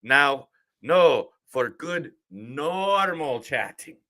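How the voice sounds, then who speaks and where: Gruff rural Irish villagers trade blunt, sweary lines, in a bright, forceful voice that swings up and down a lot, as a man puts on the accent. The delivery is a rough imitation read aloud from notes, pitched a little high for a man. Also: lively intonation, very slow, full character voice. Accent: put-on Irish. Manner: blunt, sweary quote reading. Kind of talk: reading film quotes in a put-on accent.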